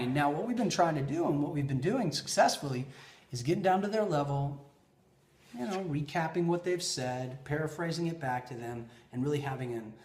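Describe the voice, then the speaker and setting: A man hosting a podcast, telling personal stories in an animated way, swinging between loud bursts and quiet asides. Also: medium pitch. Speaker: podcast host. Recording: roomy echo.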